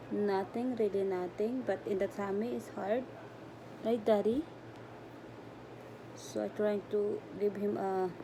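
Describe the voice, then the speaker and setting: A woman's voice: mid-range voice, noisy background. A middle-aged woman, chatting to viewers about her cat at home, fond and rambling in broken English. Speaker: pet vlogger. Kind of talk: casual vlog talk to her cat and viewers.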